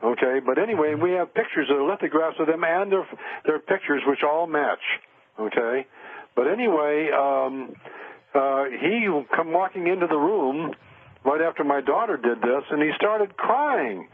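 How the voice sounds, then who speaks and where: An older man calls in to a radio interview and tells a long story, winding through fillers and restarts. His voice sits a little high. It comes through a thin, dry phone line. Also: animated, moderate pace, no room sound. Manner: rambling, many fillers and restarts. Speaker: guest, spiritual counselor.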